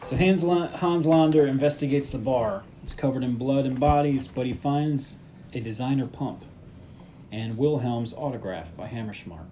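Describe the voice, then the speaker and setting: A man's voice: mid-range voice, moderate pace, mellow, a little hiss or hum. A man casually recapping a movie on a podcast, laid-back and profane as he retells the scenes. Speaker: podcast co-host recapping a film. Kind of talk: casual film recap chat.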